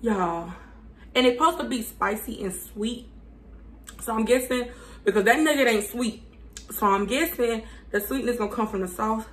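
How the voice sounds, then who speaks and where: A woman reviewing fast food on her channel. She chats casually with viewers, talks with her mouth full and hums between bites because the food is burning her mouth. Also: a little high, a bit bright. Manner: chatty, addresses viewers as y'all, hums while eating.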